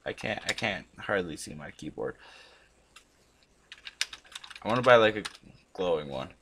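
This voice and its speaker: Slow, rambling man with a lively voice. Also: low-pitched, noisy background. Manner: rambling, swears a lot, sudden loud outbursts. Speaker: gaming channel host. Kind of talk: casual commentary while playing a chatbot.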